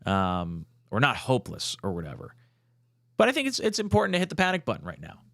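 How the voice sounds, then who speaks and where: A young man hosting a casual fan talk show, reading out chat comments and getting fired up, swearing and nearly shouting at times. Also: medium pitch, fast, no echo, clean studio sound. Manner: excitable, swearing, rising to near shouts when fired up. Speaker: podcast host.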